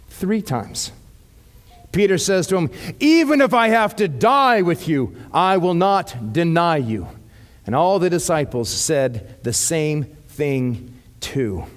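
A male pastor giving a sermon. He reads scripture slowly, then breaks off into lively, casual asides. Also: high-pitched.

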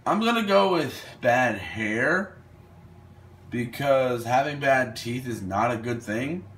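Slow, hesitant young man thinking aloud. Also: mid-range voice, expressive, fairly bright tone. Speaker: gaming video host. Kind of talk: casual commentary while playing a quiz game.

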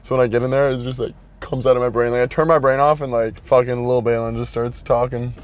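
A man's voice: medium pitch, level tone, fast talker. A young man vlogging in a casual, hyped way, swearing casually as he chats. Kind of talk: casual vlog chat.

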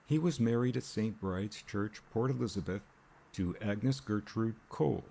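A man doing a small, fact-obsessed investigator in a read-aloud mystery, blunt and emphatic. His delivery is direct and sure. The voice sits low and husky. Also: measured pace, dark tone, heavily acted.

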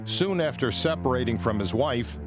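A man reading scripted documentary narration with a dramatic, measured delivery. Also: medium pitch, lively intonation, over music.

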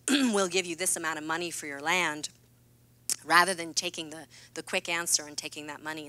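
Bright-toned woman, earnest keynote storyteller. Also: low-pitched. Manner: earnest and confiding, with playful asides. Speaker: keynote speaker. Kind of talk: candid personal storytelling talk. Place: stage at a fireside keynote event.

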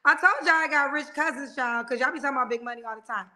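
Bright, high-voiced woman hosting a livestream. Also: racing. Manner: loud, blunt and animated storytelling. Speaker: livestream host. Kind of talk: casual live-stream chat.

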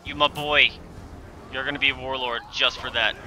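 A young man streaming a video game, shouting excitedly at the action and slipping into mock-dramatic despair. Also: mid-range voice, brisk, a little hiss or hum. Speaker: gaming streamer. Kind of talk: let's play commentary.

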